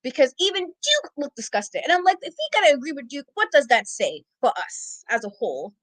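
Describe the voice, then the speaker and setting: A woman co-hosting a casual wrestling talk show, ranting in a sassy, exasperated, animated way. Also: high voice, fairly quick, no room sound, rough recording. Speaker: podcast co-host. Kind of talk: casual wrestling recap rant.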